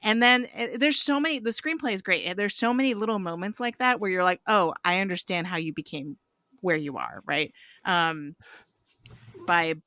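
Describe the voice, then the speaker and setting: A young woman in a casual film review discussion, animated and quick to act out characters in quotes. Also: on the low side, no room sound, clean studio sound. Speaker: film review podcast panelist.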